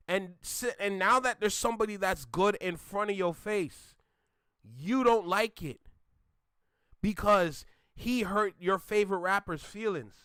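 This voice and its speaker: A man's voice: high-pitched, pushed and bright, smooth, no room sound, clean studio sound. A man hosting a reaction channel, ranting casually in an emphatic, slangy way and repeating himself.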